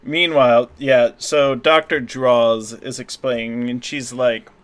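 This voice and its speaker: A man narrating a tabletop game as game master, casual and a bit halting. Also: medium pitch, fairly even intonation, a bit bright, soft background music. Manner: casual, hesitant, lots of fillers.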